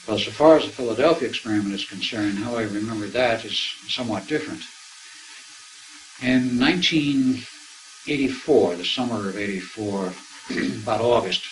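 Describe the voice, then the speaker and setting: An older man with a lowish voice tells a winding story to an audience. He acts out the remembered back-and-forth as he goes, with a faint hiss behind him. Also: low-quality recording. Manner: anecdotal, acts out remembered dialogue. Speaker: speaker recounting his experiences.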